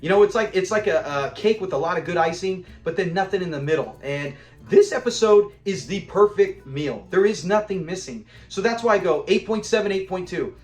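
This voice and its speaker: A man casually reviewing a classic sitcom episode, animated and laughing often as he acts out scenes. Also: high voice, fairly quick, hardly any pauses, reverberant, soft background music. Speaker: show reviewer.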